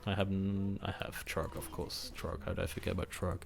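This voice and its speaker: A man's voice: low voice, flat delivery, fairly quick, vocal fry. A man hosting a gaming video, giving casual gameplay commentary, chatty and self-mocking as he thinks aloud.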